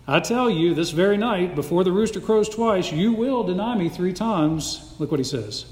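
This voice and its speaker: A man preaching an emphatic, animated sermon as a pastor, recorded in a church sanctuary. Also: sits high, normal speed. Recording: echoey hall with long reverb.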